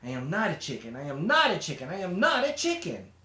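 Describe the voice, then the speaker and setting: A worried but stubborn little girl, put on by a man reading aloud, earnest and a little pleading. Her voice sits up high and swings widely. The room adds a roomy echo. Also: wildly swooping pitch, moderate pace, fairly bright tone. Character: anxious stubborn young girl, picked-on little sister.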